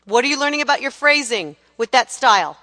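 A woman's voice: sits high, expressive, fast talker, sharp tone, in a large hall. A woman teaching a gospel singing class, coaching students energetically, counting them in and singing phrases to show them. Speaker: vocal teacher.

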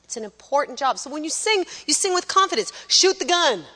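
A woman coaching worship singers in a lively teaching talk, now and then singing a short line or mimicking someone. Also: sits high, fast talker, in a large hall. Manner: animated, sings short demonstration lines, mimics people.

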